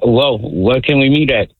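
A man's voice: medium pitch, slow, breathy edge, no echo. A man calling in to a sports radio show, chatting casually and hesitantly, laughing easily. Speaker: phone guest. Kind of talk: casual chat. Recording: tinny phone line.

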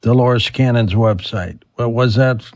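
A man hosting a radio talk show in a relaxed, conversational way, taking listener calls. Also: medium pitch, a little slow, no echo.

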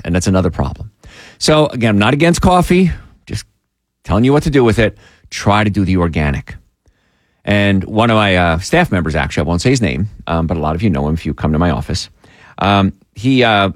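Animated low-voiced man hosting health radio. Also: fairly quick, no room sound, studio quality. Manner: animated, emphatic, pleading asides. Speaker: radio health show host. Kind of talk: call-in health talk radio. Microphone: studio mic.

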